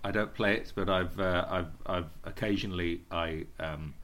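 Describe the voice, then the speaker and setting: A man's voice: low-pitched, fairly even intonation, moderate pace, a bit bright. Hesitant rambling man bantering. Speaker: comedian guest. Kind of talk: casual comic banter.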